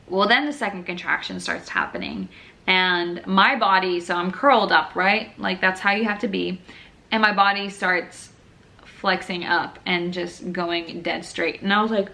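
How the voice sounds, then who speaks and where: Candid young woman, bright chatty voice. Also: fairly low pitch, normal speed, vocal fry. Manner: candid, frank, chatty with many fillers. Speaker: new mother telling her birth story. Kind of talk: casual personal storytelling.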